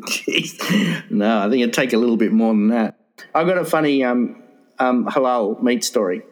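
A man's voice: mid-range voice, animated, normal speed, rough recording. A man co-hosting a casual chat, joking around and hedging his words with lots of "uh" and "um". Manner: jokey, hesitant with many fillers.

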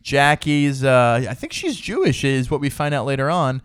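A man's voice: medium pitch, expressive, normal speed, smooth, no echo, clean studio sound. A man co-hosting a comedy podcast, chatting casually and laughing often between jokes. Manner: laughs often, puts on brash voices for bits. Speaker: podcast co-host.

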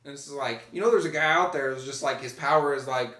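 A man rambles through a story in a casual podcast, acting out each quote as he goes. His voice is bright. He sits some way off the mic in an echoey room. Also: mid-range voice, quick pace, distant mic. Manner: rambling retelling with acted-out quotes. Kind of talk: casual chat.

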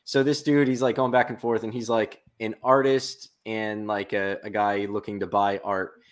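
A man's voice: lowish voice, little pitch movement, normal speed. A man co-hosting a podcast, chatting casually and acting out people in rambling stories. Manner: rambling storyteller, acts out others in quotes. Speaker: podcast co-host. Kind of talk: casual chat.

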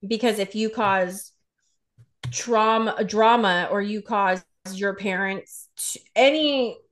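A woman's voice: medium pitch, takes it slowly, slight background noise. A woman in her thirties co-hosting a podcast, talking frankly and swearing freely as she animatedly retells parenting stories. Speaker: podcast co-host. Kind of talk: casual chat.

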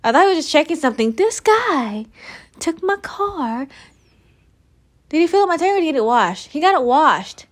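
A young woman in a relaxed conversation, with a slightly higher voice that moves a lot in pitch. She is bubbly and quick to laugh. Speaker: podcast co-host. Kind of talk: casual chat.

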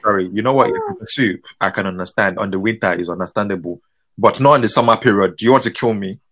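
A man's voice: lowish voice, fast, a bit bright. A man joking and teasing his friends in a casual podcast chat.

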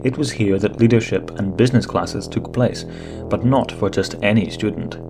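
A man narrating a story in a steady, even way. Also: fairly low pitch, moderate pace. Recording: music bed under narration.

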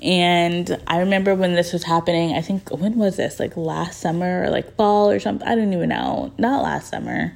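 A woman hosting a podcast, chatting casually and gossiping. Her voice sits a little on the low side, and she sprinkles "like" through almost every sentence in a loose, talkative flow. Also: moderate pace, vocal fry, hardly any pauses, darkish tone. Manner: chatty, gossipy, full of "like" fillers. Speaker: podcast host. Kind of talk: casual chat.

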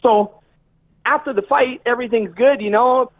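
A man telling a story as a boxer guest in a casual interview, animated and swearing freely. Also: very high-pitched, moderate pace, no echo. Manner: animated, swears, acts out quotes. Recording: tinny phone-like line, dry.

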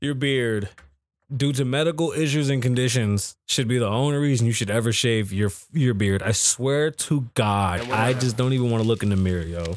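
A man's voice: moderate pace, no echo, studio quality. Joking, profane male podcast host. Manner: loose, profane and joking, with sudden pitch jumps. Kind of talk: casual podcast chat.

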